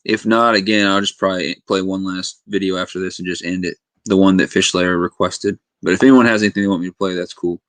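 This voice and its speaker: A man's voice: low voice, steady tone, quick pace, hardly any pauses, a bit bright, dry recording. A young man hosting a casual fishing livestream from his home fishing room, rambling and reading chat comments aloud.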